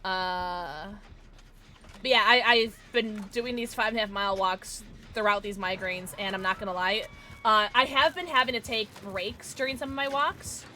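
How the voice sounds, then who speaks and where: A woman's voice: mid-range voice, normal speed, pushed and bright. A young woman streaming a game, chatting frankly and bluntly with her viewers. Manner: blunt and irritable, swears. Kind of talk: casual livestream chat.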